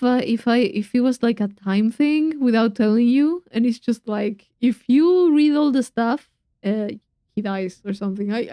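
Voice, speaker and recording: A woman streamer with a mellow, slightly high voice talks her way through a game, reacting with feeling and reading the on-screen text aloud. The sound is dry and close, with little room around her. She slips into Spanish slang between her English remarks. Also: no room sound. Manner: drops into Spanish slang asides. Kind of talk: casual gaming stream chat.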